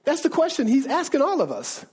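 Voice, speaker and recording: Man, pastor, sermon, very high pitch, conversational, repeats himself. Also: wildly swooping pitch, a little fast, darkish tone. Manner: conversational preaching, frequent restarts and "right?" asides.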